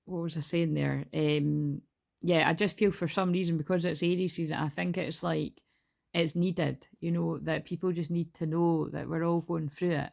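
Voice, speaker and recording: A woman's voice: low-pitched, fairly even intonation, normal speed, vocal fry, darkish tone. A woman giving a casual, rambling tarot card reading, laughing and swearing freely as she talks. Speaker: tarot reader.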